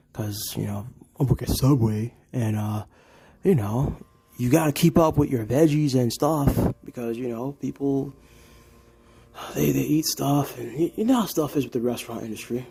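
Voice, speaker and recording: A man's voice: mid-range voice, moderate pace, creaky, mellow, husky. A young man ranting in casual commentary, repeating himself and checking in with "right?" and "okay?". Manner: repetitive, emphatic, keeps asking "right?" and "okay?". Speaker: vlogger.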